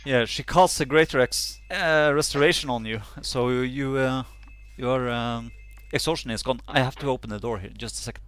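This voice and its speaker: A man narrating as game master over an online call, halting and full of "uh" fillers. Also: mid-range voice, fairly bright tone, clear, resonant tone.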